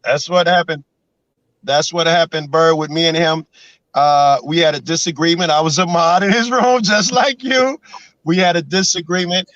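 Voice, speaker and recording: A man's voice: on the high side, moderate pace, fairly bright tone, no echo, dull audio. A man chatting casually as a live stream guest, easygoing and rambling. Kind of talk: casual chat.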